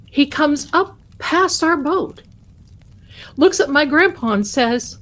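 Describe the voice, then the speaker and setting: A woman's voice: high-pitched, very animated, slow, long pauses, a bit bright. A woman hosting a live trivia stream, chatting with viewers and telling a folksy story from her childhood. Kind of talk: casual chat, storytelling to viewers.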